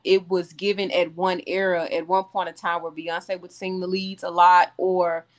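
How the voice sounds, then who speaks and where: A Southern woman singer with a somewhat low voice, telling stories in a relaxed way. She slips into the voices of the people she quotes as she talks. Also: normal speed. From Jackson, Mississippi. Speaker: guest singer in an R&B group. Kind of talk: casual interview chat.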